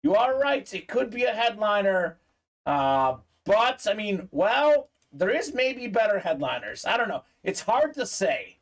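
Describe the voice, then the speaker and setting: A man's voice: sits high, very animated, a little slow. A man hosting a live sports memorabilia break, chatting upbeat with viewers, reading their comments aloud and peppering his talk with "uh".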